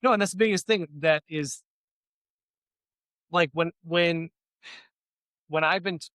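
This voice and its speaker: A man's voice: fairly high pitch, unhurried, fairly bright tone, clear, resonant tone, no echo. A man co-hosting a casual podcast chat, rambling, swearing a lot and getting fired up. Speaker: podcast co-host.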